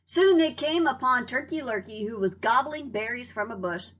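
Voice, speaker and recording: A woman teacher reading a picture book aloud to young children, in a lively, expressive way. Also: a little high, moderate pace, hardly any pauses. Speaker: preschool teacher.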